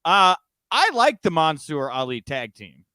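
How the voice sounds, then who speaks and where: Man, podcast host, casual chat, smooth voice, dry close sound. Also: fairly high pitch, very animated, sharp tone, dry recording. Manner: chatty, quick asides and laughs.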